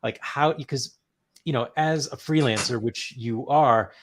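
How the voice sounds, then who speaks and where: A man's voice: mid-range voice, measured pace, slight background noise. A male podcast host who asks long, rambling questions with a lot of enthusiasm. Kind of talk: casual interview chat.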